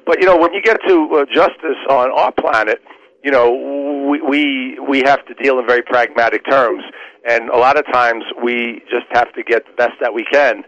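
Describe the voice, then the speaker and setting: A man of middle pitch makes his case like a trial lawyer, earnest and explanatory. His voice comes through a dull, muffled radio sound as he lays out his points to the audience. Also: moderate pace, a bit bright, dry recording. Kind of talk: persuasive radio interview answer.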